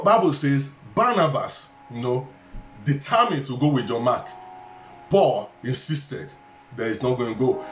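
Emphatic Nigerian preacher in an echoey church. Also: male voice, fairly high pitch. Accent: Nigerian English. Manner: repetitive, emphatic, stammering restarts, chuckling asides. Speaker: pastor. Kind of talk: sermon. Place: church hall. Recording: echoey, dull church recording with faint ambience.

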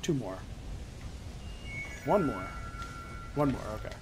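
A man's voice: mid-range voice, slow pace, over music. A man joking and laughing as he comments on his own gameplay. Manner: joking, giggly, excitable. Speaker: gaming YouTuber.

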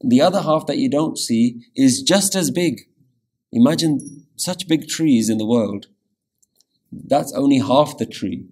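Slow-talking guy teaching a scripture class, keeps saying yeah? to check everyone's with him. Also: medium pitch, animated, a little mellow, breathy edge. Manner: patient, repeats words slowly to show pronunciation. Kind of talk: scripture lecture.

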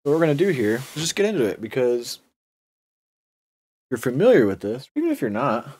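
A man's voice: medium pitch, big pitch swings, normal speed, darkish tone, breathy edge. A young man hosting an unboxing video, talking in a casual, sarcastic and rambling way.

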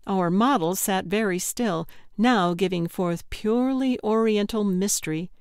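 A woman's voice: medium pitch, a little mellow, dry recording. Woman narrating an audiobook, dry sound. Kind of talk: scripted first-person narration.

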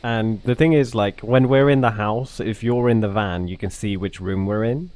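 A man streaming a ghost-hunting game and chatting with friends over voice chat, joking, swearing and protesting loudly. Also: lowish voice, fairly even intonation, moderate pace. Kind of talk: casual gaming voice chat.

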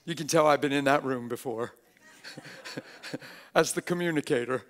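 A mid-range male voice carries a live church sermon delivered at a church gathering. He speaks conversationally, rattles off rhetorical questions to those present, and mimics the voices of people he quotes.

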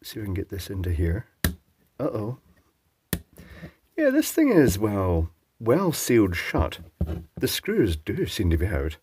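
Husky, chatty man thinking aloud. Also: on the low side, sing-song, measured pace, darkish tone. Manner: musing, chatty, thinks aloud while working. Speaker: electronics teardown presenter. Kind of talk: casual talk-through while taking apart a device.

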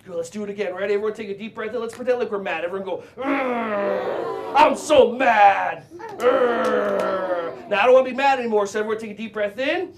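A man teaching a children's karate and yoga class, playful and animated as he jokes with the kids. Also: high-pitched, very fast, few pauses, a little hiss or hum. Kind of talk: leading a kids' exercise class.

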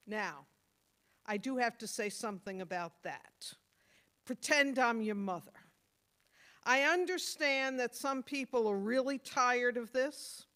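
A woman pastor giving a sermon, earnest and motherly, stressing points hard and then dropping to soft tones. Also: high voice. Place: church.

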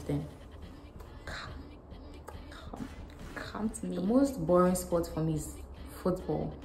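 A young woman chats frankly through a casual Q&A vlog, teasing herself as she goes. Her voice sits low and mellow. It rings in an echoey room with faint music underneath. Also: gravelly, a little hiss or hum. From Ghana. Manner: frank, animated, self-mocking. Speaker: vlogger.

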